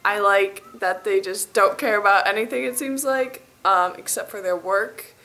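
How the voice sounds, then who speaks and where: A woman's voice: mid-range voice, steady tone, moderate pace, pushed and bright, echoey room. A woman in her twenties chatting casually for her vlog, upbeat and rambling, with a groggy morning voice, in an empty room with a bare floor. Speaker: fitness vlogger.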